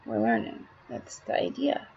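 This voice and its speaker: A slightly hoarse woman giving a rambling, blunt art tutorial, swearing casually as she works. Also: a bass voice, huge pitch swings, unhurried, lo-fi sound.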